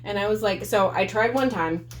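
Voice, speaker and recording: A woman's voice: mid-range voice, normal speed. A young woman telling a personal story to her viewers in a blunt, profane, conversational way. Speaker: vlogger. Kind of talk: candid storytelling vlog.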